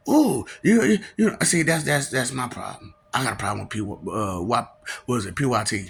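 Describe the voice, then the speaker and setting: Gravelly man, teasing and laughing. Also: mid-range voice, sing-song, takes it slowly, pauses often, fairly bright tone, slight background noise. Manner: laughs between lines, teasing rhetorical questions; slangy, repeats phrases. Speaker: vlogger. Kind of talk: rambling comic monologue.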